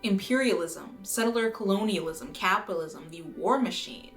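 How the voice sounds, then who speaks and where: A woman from the United States reading a scripted video essay in an earnest, measured way, now and then swearing for emphasis. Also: mid-range voice, a bit bright. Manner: earnest, measured, occasionally profane. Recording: roomy echo with faint music.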